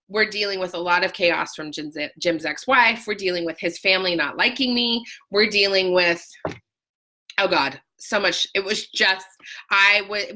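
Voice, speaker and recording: A woman talking casually to viewers in a live video, telling an emotional personal story with animated, sudden high outbursts and greeting viewers by name. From Utah. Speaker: life coach sharing a personal story.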